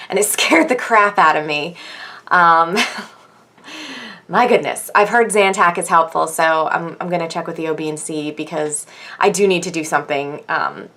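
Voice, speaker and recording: A woman's voice: unhurried, sharp tone. A young pregnant woman chatting casually in a vlog, rambling with many fillers. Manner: rambling, with frequent fillers and laughs; acts out quoted people in a higher voice. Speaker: vlogger. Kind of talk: casual chat.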